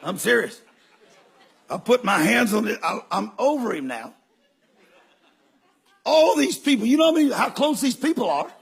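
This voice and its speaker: An older man preaching, telling stories in an animated way that breaks into shouts and laughter. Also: very high-pitched, normal speed, vocal fry, long pauses, slightly rough, some chatter behind. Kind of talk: sermon storytelling.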